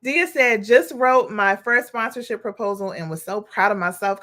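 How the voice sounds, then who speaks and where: Against a noisy background, a young adult woman with a mid-range, lively voice talks at normal speed, barely pausing. As a nonprofit coach hosting a live stream, she speaks directly to "y'all" in a spirited, preachy tone, reading comments aloud and cheering them on.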